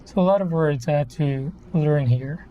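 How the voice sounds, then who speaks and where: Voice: mid-range voice, moderate pace, mellow, dull audio, slight background noise. A person in their thirties from the Philippines, chatting casually on a live stream in a rambling, self-correcting way. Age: 30s. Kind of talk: casual live-stream chat while building a model kit.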